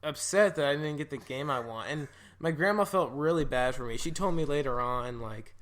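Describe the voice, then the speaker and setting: A man's voice: a little high, normal speed, fairly bright tone. A young man co-hosting a podcast, telling stories in a laid-back, easygoing casual chat. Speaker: podcast co-host.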